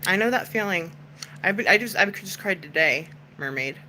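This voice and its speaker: A woman's voice: medium pitch, fairly quick, pushed and bright, slight background noise, low-quality recording. A woman hosting a casual livestream chat, talking to viewers in a chatty, comforting way with lots of "like" fillers.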